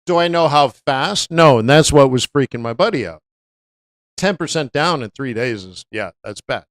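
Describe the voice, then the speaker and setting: A talkative trading host riffing through casual market commentary on a live stream. The speaker leans on repetition for emphasis and keeps the tone loose and anecdotal. The voice sits at an ordinary middle pitch in a dry, close recording. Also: expressive, moderate pace, no echo. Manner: chatty, anecdotal, repeats words for emphasis, laughs often; slips into voices when quoting others.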